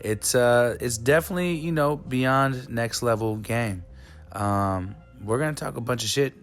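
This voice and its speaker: A man's voice: mid-range voice, measured pace, faint music behind. A man hosting a podcast, laid-back and slangy, cursing casually as he opens the show. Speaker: podcast host. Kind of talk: casual podcast intro and chat.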